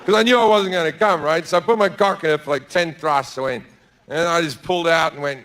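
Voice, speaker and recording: Australian male comic, high-pitched, laid-back crude storyteller, live stage mic with faint hiss. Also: fast. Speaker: stand-up comedian. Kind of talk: stand-up comedy set. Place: large theatre stage with live audience.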